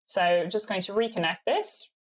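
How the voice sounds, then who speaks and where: A woman's voice: mid-range voice, moderate pace. A young American woman streaming a game and chatting casually with her viewers, giggling often and filling her talk with "like.". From United States. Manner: giggly, bubbly, peppers speech with "like".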